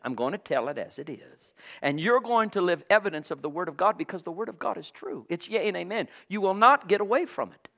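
A man preaching a sermon with great passion, swinging from loud cries to hushed whispers. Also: sits high, animated, a little fast, gravelly, few pauses. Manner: impassioned, swings from shouting to whispers.

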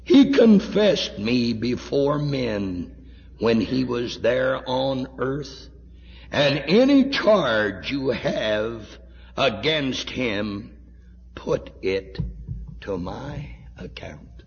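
A man voicing a gentle heavenly intercessor, speaking softly, slowly and tenderly. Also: medium pitch, sing-song, slight background noise, exaggerated voice. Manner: soft, slow and tender. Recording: dull echoey hall recording.

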